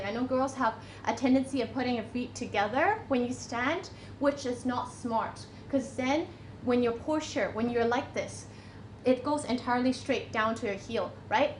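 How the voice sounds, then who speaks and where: A woman's voice: fairly high pitch, fairly bright tone. A woman workshop trainer coaching students on presentation skills, speaking without a microphone and checking in with a frequent "okay?". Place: classroom or hall. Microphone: no microphone, speaking unamplified. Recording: echoey room with faint noise.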